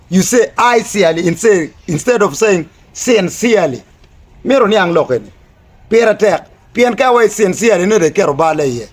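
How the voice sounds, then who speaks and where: A man giving a spoken lesson on word meanings, mixing English with another language and spelling words out slowly. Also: high voice, slightly rough. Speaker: teacher of Rasta language.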